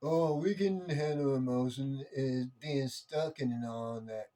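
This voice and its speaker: A man's voice: mid-range voice, a little slow, dark tone. A young man delivering an impassioned monologue rant, heated and repetitive, swearing freely.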